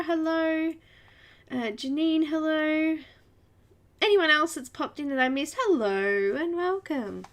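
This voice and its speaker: A woman's voice: high voice, a bit bright. An Australian woman hosting a casual livestream, chatting away and greeting viewers by name. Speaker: livestream host.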